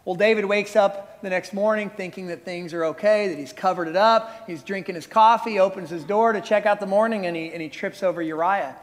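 A male pastor in his forties preaching with animated, conversational storytelling. His voice sits high for a man. It carries a long reverb, as if from a large hall. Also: fairly quick, few pauses. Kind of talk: sermon.

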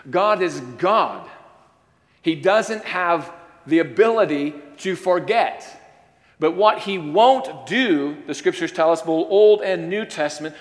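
An earnest male pastor with a slightly higher voice delivers an emphatic sermon. His words ring out with a long reverb, as if from a church sanctuary. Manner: earnest, emphatic, addresses listeners as friends.

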